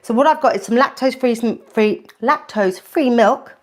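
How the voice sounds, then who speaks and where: A woman's voice: on the high side, normal speed, a little hiss or hum. A woman hosting a live cooking stream from her kitchen, chatty and a little nervous, with lots of ums and restarts as she greets viewers. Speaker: food channel host.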